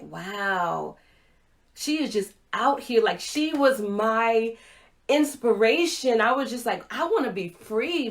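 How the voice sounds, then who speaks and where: A middle-aged woman giving a motivational livestream talk, telling a personal story with animated acted-out dialogue. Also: a little high. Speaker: motivational speaker. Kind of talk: Facebook Live talk to viewers.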